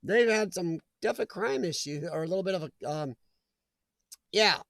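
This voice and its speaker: High-voiced joking man on a live chat. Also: lively intonation, normal speed, vocal fry, a bit bright, no echo. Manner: joking, chatty, laughs often and talks to viewers by name. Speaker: host of a live chat stream. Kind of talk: casual live-stream chat reading viewer comments.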